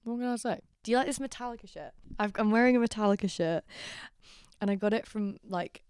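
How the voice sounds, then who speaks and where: A woman's voice: mid-range voice, fast talker, darkish tone, clear, resonant tone, no room sound, studio quality. Tipsy young woman, rambling and sardonic. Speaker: podcast host. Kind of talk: casual solo podcast monologue.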